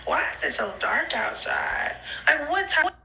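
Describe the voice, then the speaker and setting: A woman recording rambling phone voice notes while high, giggly and emotional, her thoughts drifting with frequent laughs and sighs. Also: sing-song, measured pace, creaky, sharp tone, slight background noise, poor audio. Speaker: podcast host sending voice notes. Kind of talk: rambling voice-note monologue. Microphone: phone voice memo.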